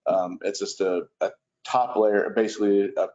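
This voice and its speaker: A man advising a city commission, hesitant with many pauses, in a city hall commission room. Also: lowish voice, steady tone, warm tone. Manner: hesitant, many ums and restarts. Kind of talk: public meeting discussion. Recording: muffled lo-fi meeting recording.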